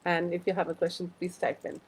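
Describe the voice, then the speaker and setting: A woman's voice: fairly low pitch, completely flat delivery, brisk, breathy edge, rough recording. A woman hosting a casual live-stream chat, rambling through personal stories and greeting viewers by name. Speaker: host of a live wellbeing chat.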